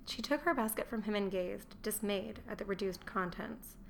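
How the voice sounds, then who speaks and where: A woman narrating a historical novel as an audiobook, in a steady, measured reading style. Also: mid-range voice, slight background noise. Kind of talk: scripted narration.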